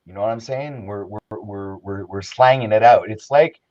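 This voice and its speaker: A man's voice: lowish voice, moderate pace, a little mellow, muffled recording. A man from Quebec with a Québécois French-Canadian accent, chatting casually in a blunt, slangy way and slipping into French. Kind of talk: casual chat.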